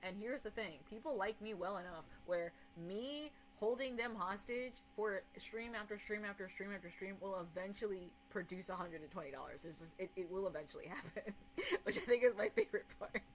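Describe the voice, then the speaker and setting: A woman's voice: mid-range voice, slight background noise, poor audio. A woman streaming as a VTuber, chatting casually with a sarcastic, playful manner. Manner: sarcastic, playful, quick to joke. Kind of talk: casual livestream chat.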